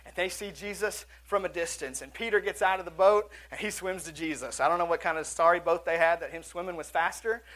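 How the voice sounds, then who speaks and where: A man's voice: sits high, fairly bright tone. A male pastor preaching a sermon in a church auditorium, earnest and conversational, with asides and restarts.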